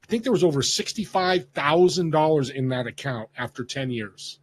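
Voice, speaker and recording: Slightly rough and a little high, his voice moves at a normal speed. The fifty-something podcast guest from Northern California animatedly recounts a story in a relaxed interview, imitating the people he quotes.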